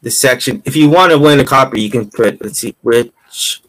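A man hosts a relaxed interview in a mid-range voice, asking loose, rambling questions. He teases his guest playfully as he goes. His pitch sits right in the middle, neither high nor low. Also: a little fast, rough recording. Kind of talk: casual interview.

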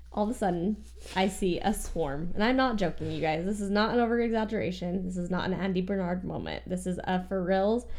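Woman, mid-pitched voice, podcast co-host, animated self-mocking storytelling, casual chat.

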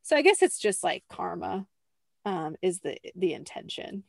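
A woman's voice: on the low side, sing-song, moderate pace, gravelly, darkish tone, no echo. Chatty young woman host, dry sound. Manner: chatty, fills with "like", acts out quotes. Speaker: podcast host. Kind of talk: casual chat.

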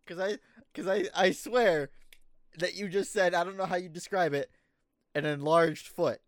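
A man's voice: high voice, a little slow, long pauses, no echo, clean studio sound. A young man co-hosting a podcast in casual chat, laughing often as he talks. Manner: giggly, laughs often while talking. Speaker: podcast co-host.

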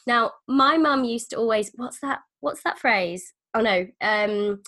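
A woman's voice: fairly high pitch, measured pace, a bit bright. A woman hosting a podcast, chatting with enthusiasm and now and then acting out quoted voices. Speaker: podcast host. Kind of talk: casual podcast conversation.

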